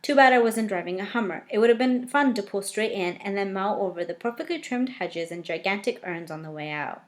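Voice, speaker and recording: A woman reading a first-person novel aloud, often breaking off to react with lively, joking asides. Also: medium pitch, a little fast.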